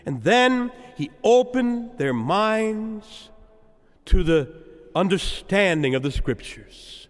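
Slow, lively preaching priest in a reverberant church. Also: male voice, high-pitched. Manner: rhythmic, repetitive preaching with dramatic pauses. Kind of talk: sermon.

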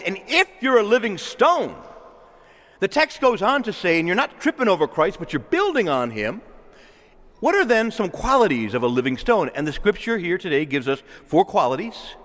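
A man, a priest, preaching an urgent, emphatic sermon full of rhetorical questions, and he calls himself a loudmouth. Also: high voice, big-room sound. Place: church.

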